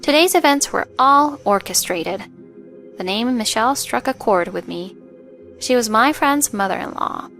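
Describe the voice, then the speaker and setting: A woman giving a scripted first-person story narration in an even, measured way. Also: fairly high pitch. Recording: faint music underneath.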